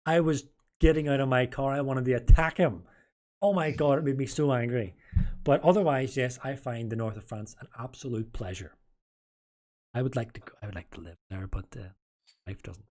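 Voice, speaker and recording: A man hosts a casual live-stream interview in a loose, rambling way, correcting himself mid-sentence, drifting off topic and joking with his guests. His voice is mid-range and a little mellow, at a moderate pace.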